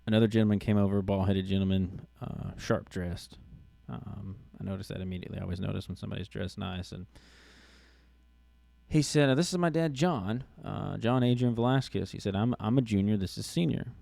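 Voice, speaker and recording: A middle-aged man with a low, gravelly, mellow voice recounts a personal story on his podcast. He talks in a halting, casual way, restarting phrases and filling pauses. The sound is close and dry. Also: dry recording. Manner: halting, many restarts and fillers. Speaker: podcast host.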